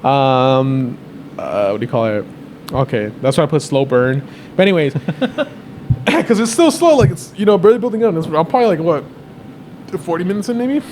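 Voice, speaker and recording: A man's voice: a little high, animated, normal speed, long pauses, darkish tone. A young man co-hosting a casual movie review podcast, rambling through plot retellings with swearing and laughter. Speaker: podcast co-host. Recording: faint background noise.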